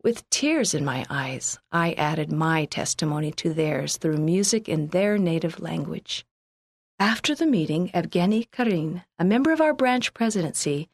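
A woman from Canada reading a first-person church magazine article aloud in a calm, earnest, scripted narration. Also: on the low side, moderate pace, dry recording, studio quality.

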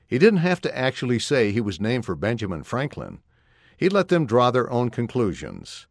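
A man reading a children's story aloud in a clear, expressive storytelling voice. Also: medium pitch, moderate pace, dry recording, clean studio sound. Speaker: narrator.

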